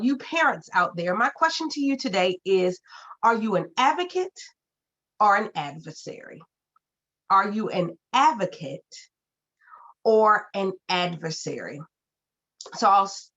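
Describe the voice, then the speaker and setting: A woman speaks earnestly to an online audience, telling a story from her own life and repeating key phrases for weight. Her pitch sits in an ordinary middle range. The sound is slightly muffled and lo-fi, like a video call. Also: a bit bright. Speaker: keynote speaker. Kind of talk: personal story in a keynote talk. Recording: muffled lo-fi audio.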